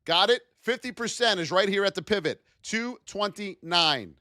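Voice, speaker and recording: A man running a live stream, calling out price levels for a trading lesson in an energetic, playful way and chatting with viewers. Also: high voice, moderate pace, no room sound, clean studio sound. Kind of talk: live stream market commentary.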